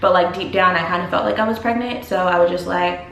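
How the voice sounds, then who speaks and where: A woman's voice: on the low side, fairly quick, a little hiss or hum. Young woman vlogging, rambly storytime chat, lots of "like", echoey room. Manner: chatty, heavy use of "like", animated quoting of others. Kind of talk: casual storytime vlog. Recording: roomy echo.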